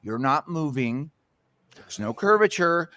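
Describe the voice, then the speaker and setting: A man's voice: on the high side, expressive, a little slow, fairly bright tone, no room sound. A man ranting in casual podcast chat, profane and heated, often repeating and restarting his words. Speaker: podcast co-host.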